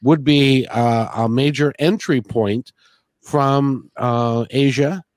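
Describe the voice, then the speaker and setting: A man hosts a relaxed interview chat, stumbling and repeating words as he goes. The recording is dry, with no room sound. His pitch sits in a middling range. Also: no room sound. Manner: halting, repeats words often. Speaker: podcast host.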